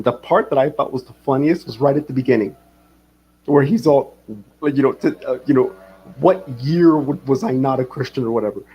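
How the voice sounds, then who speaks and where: A man's voice: mid-range voice, darkish tone, a little hiss or hum. A man hosting a livestream, rambling casually, swearing and reading chat comments aloud. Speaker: livestream host.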